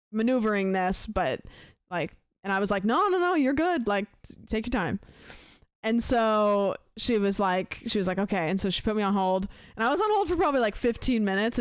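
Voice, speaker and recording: Young woman streamer, rambling anecdote style, clean dry voice, mid pitch. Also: smooth, dry recording. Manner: rambling storyteller, acts out both sides of a conversation. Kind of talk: casual chat to stream chat.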